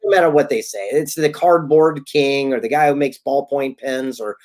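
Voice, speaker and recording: A man being interviewed as a guest author, telling stories in a casual, animated way and acting out the people he quotes. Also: medium pitch, moderate pace. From Southern California. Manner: animated storyteller, acts out quotes.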